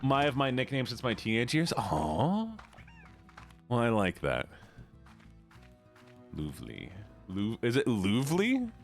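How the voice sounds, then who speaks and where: A chatty man with a Midwestern American accent, rambling through a casual stream. His pitch swings up and down a lot as he reacts to chat. Soft music plays faintly behind him. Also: huge pitch swings, unhurried. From United States. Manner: chatty, rambling, laughs often, reads chat aloud. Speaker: VTuber streamer.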